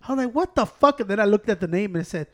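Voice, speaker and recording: Dude, talks real fast, animated, cussing and switching languages. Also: high voice. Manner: animated, mixes Spanish into English, heavy swearing. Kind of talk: casual storytelling chat. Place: Chicago.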